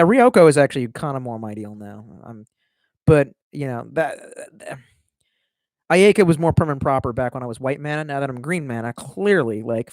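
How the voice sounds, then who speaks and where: A man's voice: mid-range voice, no room sound. Thirtysomething guy rambling on a livestream, cussing a lot, kinda self-mocking, dead dry room. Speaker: streamer. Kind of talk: casual live-stream chat reading viewer comments.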